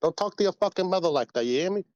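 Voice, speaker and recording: A man's voice: sits high, animated, rapid-fire, darkish tone, no room sound, muffled recording. A man hosting a casual podcast, ranting in a crude, rambling way and slipping into voices. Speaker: podcast host. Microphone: voice call.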